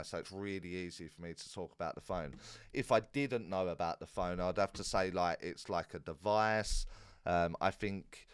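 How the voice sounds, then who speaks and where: A man hosting a live Q&A stream in a relaxed, rambling way, with many fillers and restarts. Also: low voice, clean tone, dry recording, studio quality. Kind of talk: casual live-stream chat.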